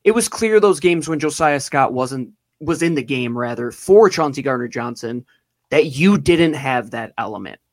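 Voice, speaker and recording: A man's voice: medium pitch, animated, moderate pace, dry recording. A man co-hosting a sports podcast, talking emphatically and drawing words out for effect. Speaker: podcast co-host.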